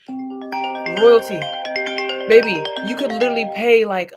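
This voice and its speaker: Blunt, profane woman vlogger. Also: mid-range voice. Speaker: vlogger and spiritual reader. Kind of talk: casual talking-to-camera monologue.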